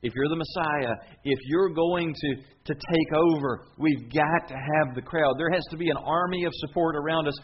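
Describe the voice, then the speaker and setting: Anxious, pleading disciples, put on by a preacher, their lines slow and drawn out. The recording is slightly dull, with faint hum behind. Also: male voice, lowish voice, lightly acted. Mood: nervous. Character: nervous disciples, pleading men.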